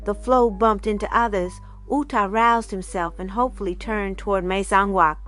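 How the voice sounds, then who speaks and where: A woman reading a folk legend aloud in a measured, dramatic narrating voice. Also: mid-range voice, fairly even intonation, fairly bright tone, faint music behind. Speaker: storyteller.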